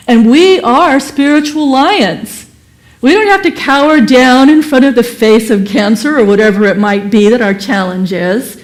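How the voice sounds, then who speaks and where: A woman giving a Sunday service sermon and telling a parable in an animated, expressive way. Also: high-pitched. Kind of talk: sermon with storytelling.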